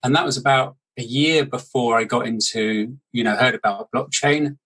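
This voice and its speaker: A middle-aged man with a Surrey English accent, a guest in an interview, talking in a relaxed, rambling way. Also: mid-range voice, moderate pace, husky, poor audio. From Surrey, England. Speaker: board game inventor, guest. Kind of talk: casual interview chat.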